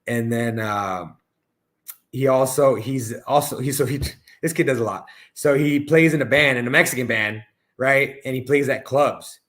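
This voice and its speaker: A man's voice: mid-range voice, normal speed, fairly bright tone. A man who is a coach, talking casually as a podcast guest and often calling the listener "bro". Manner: casual, peppers speech with "bro".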